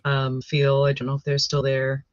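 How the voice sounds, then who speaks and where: An American woman talks casually, often pausing with fillers and restarting her sentences. The recording is dull and lo-fi, with a dry sound close to the mic. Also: extremely low pitch, monotone, no room sound. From United States. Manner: hesitant, many ums and restarts. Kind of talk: casual chat.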